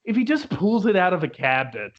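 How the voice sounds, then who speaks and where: A man's voice: high-pitched, big pitch swings, a little fast. A young man reviewing a musical in casual chat, laughing often and quoting lines in put-on voices. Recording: dull lo-fi recording.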